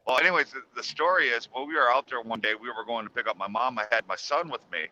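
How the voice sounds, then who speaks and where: A middle-aged man telling a ghost story on a call in a casual, rambling way with halting restarts. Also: medium pitch, bright, forceful tone, dull audio.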